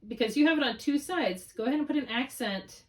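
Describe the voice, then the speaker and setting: A woman's voice: sits high, lively intonation, quick pace, distant mic. A woman tutoring one student in spelling, patiently thinking aloud through each step. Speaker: reading tutor.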